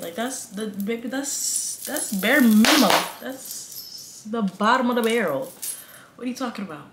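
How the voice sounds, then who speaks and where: A woman's voice: on the high side, moderate pace, a little hiss or hum. Chatty young Atlanta woman vlogging. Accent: Southern US, Atlanta. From Atlanta, Georgia. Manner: chatty, dramatic, animated storytelling with slang. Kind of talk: casual chat to camera.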